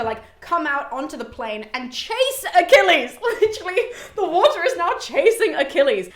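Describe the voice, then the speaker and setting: A woman's voice: high voice, fairly bright tone. Chatty, irreverent British woman in an echoey room. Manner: chatty, irreverent, swears casually. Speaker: podcast host. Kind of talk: casual mythology retelling.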